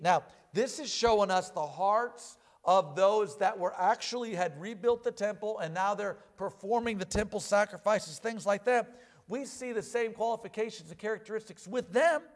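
A man preaching a sermon in an animated way, often calling out "amen?" and "hallelujah.". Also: high-pitched, normal speed.

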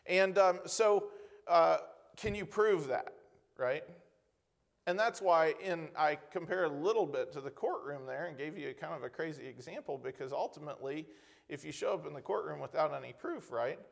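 Man, preacher, sermon, fairly high voice, gravelly, rhetorical questions, slow emphatic scripture reading. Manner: conversational, peppered with rhetorical questions; reads scripture slowly with emphasis.

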